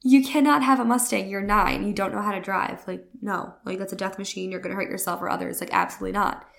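A woman voicing a protective mother who flatly refuses her nine-year-old child's request, in a firm and exasperated way. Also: medium pitch, fast talker, creaky. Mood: incredulous, firm.

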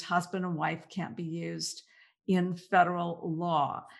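A woman's voice: fairly low pitch, gravelly. Sardonic woman co-hosting political talk. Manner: sardonic, mocking, lists things off. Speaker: podcast co-host. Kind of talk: political talk show chat.

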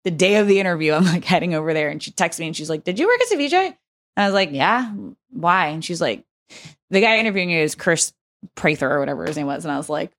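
A young woman on a podcast rattles through a workplace story at a quick clip, swearing freely and leaning on filler words. Her voice sits on the lower side for a woman. She tells it as easygoing, lively chat. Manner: animated, profane storytelling with many fillers. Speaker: podcast guest.

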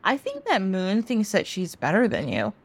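A woman's voice: mid-range voice, wildly swooping pitch, normal speed, husky, no room sound, heavily acted. Woman doing a smug, boastful trickster god. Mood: scheming. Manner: boastful, mischievous.

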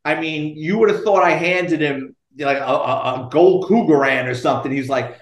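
A man, a retired detective spinning stories in a lively, salty way and voicing everyone in them. His voice sits a little high for a man. The room around him rings with a noticeable echo. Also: moderate pace, few pauses. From New York. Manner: animated, profane, acts out quotes. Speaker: retired police detective, guest. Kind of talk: storytelling in a podcast interview.

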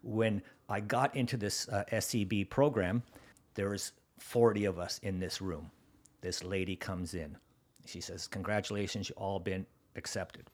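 Low-voiced guy swearing through his story. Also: fairly even intonation, measured pace, darkish tone. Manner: swears freely, acts out quoted people, laughs often. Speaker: guest, contractor. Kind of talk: casual podcast storytelling.

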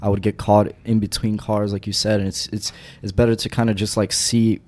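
A man's voice: lowish voice, little pitch movement, a little fast, darkish tone. A man in casual chat, telling stories loosely with many fillers. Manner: loose, filler-heavy storytelling. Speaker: cyclist in conversation.

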